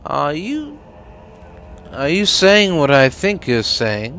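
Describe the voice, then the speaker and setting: A man's voice: fairly high pitch, huge pitch swings, takes it slowly, bright, forceful tone, a little hiss or hum, full character voice. An actor voicing a wry male adventuring companion with a dry, drawling manner in video game dialogue.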